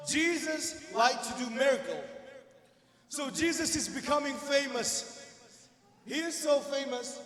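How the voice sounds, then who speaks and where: A man teaching children a Bible story, shouting prompts and speaking in broken English. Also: very high voice. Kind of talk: animated children's Bible lesson. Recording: echoey hall with music behind.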